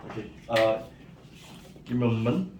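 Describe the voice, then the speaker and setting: A man's voice: mid-range voice, normal speed, a little hiss or hum. Man lecturing math in an echoey room. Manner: explains step by step with many "right?" and "okay". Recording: echoey room, mic at a distance.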